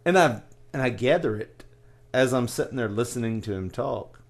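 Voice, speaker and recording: A man in the middle of a casual podcast chat, spinning a work story with animated energy. He talks in quick bursts, stumbling over restarts and fillers as he goes. His voice sits at an ordinary pitch for a man. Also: vocal fry. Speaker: podcast host.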